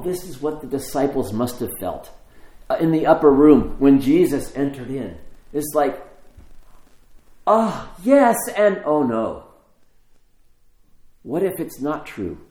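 A man's voice: medium pitch, expressive, warm tone. Man preaching in a roomy echo. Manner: storytelling, varied emphasis, drawn-out pauses. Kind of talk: sermon.

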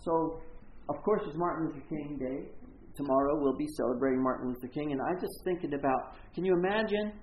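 A man preaching a conversational sermon as pastor, acting out the characters' lines in quick voices. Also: fairly high pitch, echoey room, dull audio, a little hiss or hum.

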